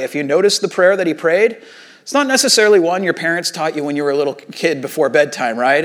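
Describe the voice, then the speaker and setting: A man preaching a sermon as pastor, talking casually with rhetorical questions and reading scripture aloud slowly. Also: fairly high pitch, fairly bright tone.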